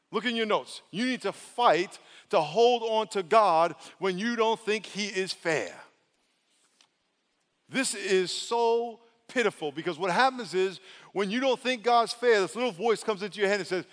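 High-voiced pastor guy preaching, super animated, does little voices, big echoey hall. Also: unhurried. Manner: animated, acts out voices in his stories. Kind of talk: sermon.

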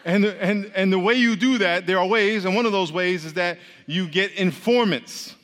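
A man with a high, fairly bright voice speaks at a moderate pace, with long hall reverb around him. He grew up Catholic and is a preacher teaching a class through an interactive sermon, using call-and-response and playfully quizzing his listeners.

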